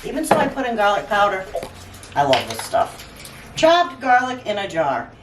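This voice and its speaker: A woman's voice: medium pitch, wildly swooping pitch, moderate pace, noisy background. A woman hosting a home cooking demonstration, chatting in a casual, joking way as she cooks. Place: home kitchen. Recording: echoey kitchen, mic at a distance, cooking clatter.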